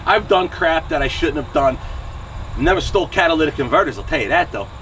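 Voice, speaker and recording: Fairly quick and fairly bright, his voice sits on the high side, recorded from a distance with slight background noise. The speaker, a trucking channel host in his forties with a New Jersey accent, angrily and profanely rants straight to camera outside his truck shop, punctuating with "okay?" and "right?".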